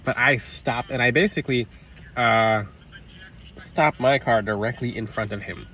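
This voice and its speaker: A man telling a personal story in a casual, rambling monologue, interrupting himself and bursting into loud re-enacted shouts. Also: mid-range voice, measured pace. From Florida. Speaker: religious vlogger. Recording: slightly distant mic, faint outdoor traffic noise.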